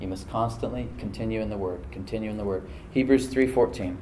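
In a church hall echoing around him, a middle-aged pastor sermonizes fast in a low, dark voice, pressing his congregation with repeated phrases. A little hiss or hum sits under the recording.

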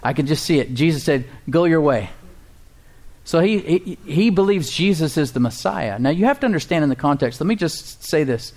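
A man's voice: animated, a little fast, hardly any pauses. Emphatic preacher man. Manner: emphatic, rises high for quoted cries and drops low and soft for stillness; asks the congregation questions. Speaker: pastor. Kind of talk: sermon.

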